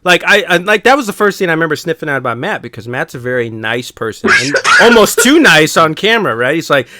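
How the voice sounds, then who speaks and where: Blunt, ranting man with a bright voice. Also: a little high, sing-song, quick pace, a little hiss or hum. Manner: blunt, ranting, swears a lot. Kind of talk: casual chat.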